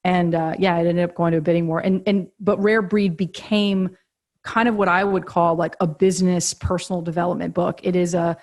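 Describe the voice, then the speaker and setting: A woman's voice: lowish voice, level tone, brisk, a little mellow. A woman guest on a podcast interview, telling a story animatedly, laughing often and acting out quoted dialogue. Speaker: guest, agency co-founder and author. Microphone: podcast remote call.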